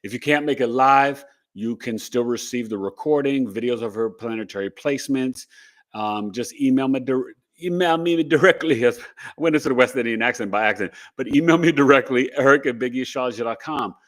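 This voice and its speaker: A middle-aged man talks loosely to his live viewers as host of an astrology show. He rambles from topic to topic in an upbeat, chatty way, with a voice of ordinary male pitch. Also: brisk, fairly bright tone. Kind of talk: casual livestream chat.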